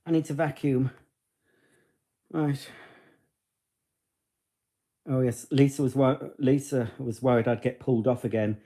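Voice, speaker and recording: Male stream host, mellow, rambling home chat. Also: medium pitch, steady tone, fairly quick, few pauses. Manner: chatty, rambling, talks to his dog. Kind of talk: casual live stream chat.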